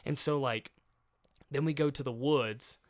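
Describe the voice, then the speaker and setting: A man's voice: mid-range voice, steady tone, measured pace. A man hosting a podcast in casual chat, rambling and joking, swearing and laughing often. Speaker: podcast host.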